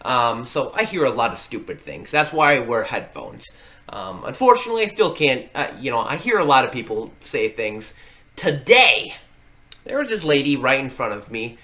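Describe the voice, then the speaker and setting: A man's voice: mid-range voice, big pitch swings, moderate pace, bright, forceful tone. A man co-hosting a podcast who talks sports casually and animatedly, often laughing while he talks. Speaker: podcast co-host.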